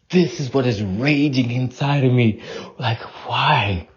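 A man's voice: mid-range voice, slow pace, a little mellow, highs cut off. A man giving an emotional, profane confessional monologue, near tears, laughing through his distress and dropping to whispers between outbursts.

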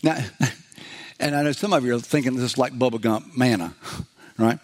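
A man's voice: mid-range voice, normal speed, long pauses. A man preaching a sermon in a loose, conversational way, acting out biblical voices with humor and many restarts. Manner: frequent fillers and restarts. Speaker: pastor.

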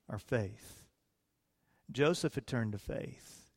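Pastor preaching in an echoing hall. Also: male voice, on the high side, measured pace. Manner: animated retelling with playful asides. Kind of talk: sermon.

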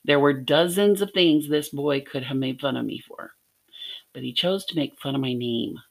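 A woman's voice: extremely low pitch, moderate pace, vocal fry. A middle-aged woman from Arkansas teaching a devotional lesson, telling a personal story in an earnest way with light laughs. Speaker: podcast teacher.

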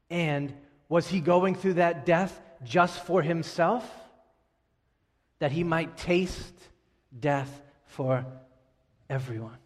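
Middle-aged male pastor, emphatic preaching, slightly raised pitch, long church reverb. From Staten Island, New York. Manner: emphatic, drops to quiet on key words. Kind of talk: sermon.

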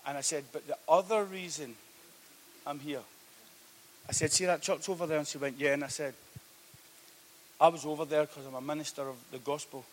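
Preacher guy, storytelling sermon, goes quiet then loud, bit high pitched, monotone. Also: brisk, pauses often, a little hiss or hum. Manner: storytelling, swinging between hushed and loud. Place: church hall.

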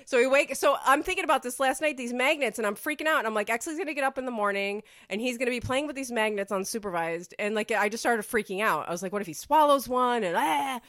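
A woman's voice: a little high, quick pace, few pauses, a bit bright, no room sound. Woman podcast host, rambling casual chat, dead-dry close sound. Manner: rambling, filler-heavy storytelling.

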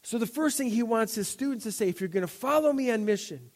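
High-voiced man preaching a casual sermon. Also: expressive, quick pace, a little mellow. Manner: conversational, acts out Bible scenes in voices. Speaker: pastor.

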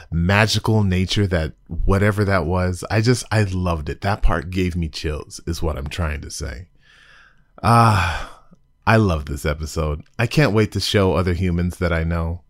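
Giddy deep-voiced man reviewing. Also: no room sound, clean studio sound. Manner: giddy and animated, with restarts and sudden high exclamations. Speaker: podcast host reviewing an episode. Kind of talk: casual excited review chat.

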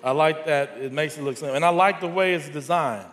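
Male pastor, high and bright, animated sermon delivery, long hall reverb. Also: brisk, slight background noise. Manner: animated, rising to near shouts in stories. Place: large church hall.

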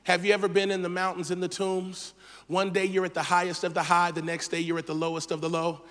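A man preaching a sermon as a guest speaker, telling the story with lively humor and playful asides. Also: high voice, fast talker, in a large hall.

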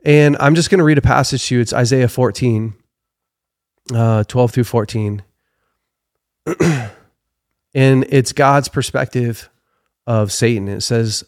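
A man's voice: mid-range voice, slow, pauses often, darkish tone, no room sound, clean studio sound. A man giving conversational faith teaching as a podcast guest, earnest, reading scripture aloud and often correcting himself mid-phrase.

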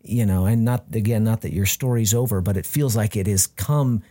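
A man's voice: on the low side, moderate pace, warm tone. A man hosting a podcast, affirming his guest and asking questions in a conversational way. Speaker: podcast host. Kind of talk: conversational interview.

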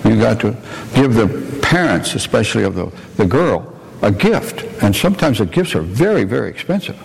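Gravelly-voiced man preaching in reverberant church. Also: fairly low pitch, sing-song, normal speed. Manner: plainspoken, warm asides to the congregation. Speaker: preacher and missionary. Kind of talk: folksy sermon storytelling. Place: church sanctuary. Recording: long church reverb, faint noise.

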